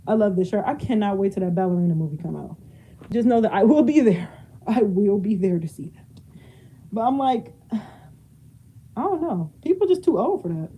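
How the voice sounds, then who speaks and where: A young woman vlogger chats casually while cleaning her home, moving around rooms, laughing often and drifting away from the mic. Her medium-pitched voice is animated, dark, and breathy-edged at a moderate pace with long pauses, on a low-quality recording.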